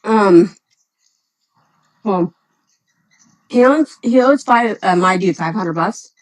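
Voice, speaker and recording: A woman chatting on a livestream in a dry, matter-of-fact way, pausing with ums. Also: medium pitch, animated, low-quality recording. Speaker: guest on a livestream. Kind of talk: casual chat.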